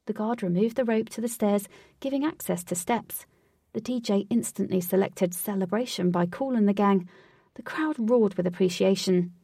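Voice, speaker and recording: Woman reading a story aloud, middle pitch, dry sound, mic a bit far. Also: moderate pace, gravelly, warm tone, breathy edge, no room sound. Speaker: narrator. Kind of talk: storybook narration.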